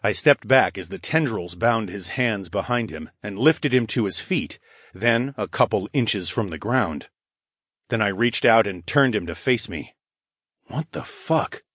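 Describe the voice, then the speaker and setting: A man narrating a first-person fantasy audiobook in a gruff, profane, animated way. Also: lowish voice, a little slow, no echo, clean studio sound.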